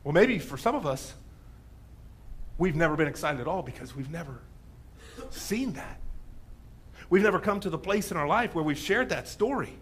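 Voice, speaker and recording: A male pastor preaching a sermon, telling the story with animated voices and asking the congregation questions. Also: a little high, moderate pace, long pauses, slightly rough. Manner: animated storytelling, acts out quoted speakers, asks the room questions. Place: church sanctuary.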